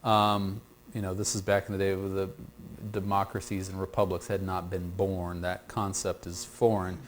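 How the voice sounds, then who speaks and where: Low voice guy teaching bible class, stop-start, lots of restarts. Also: completely flat delivery. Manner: halting, repeats words and restarts often; invites answers from the group.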